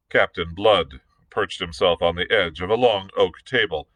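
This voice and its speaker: A male librarian reads a classic adventure novel aloud, narrating at a steady pace. His voice is fairly low but bright and forceful. The sound is close and dry. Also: moderate pace, few pauses, dry recording, low-quality recording. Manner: steady narration with occasional small slips. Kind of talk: read-aloud storytelling.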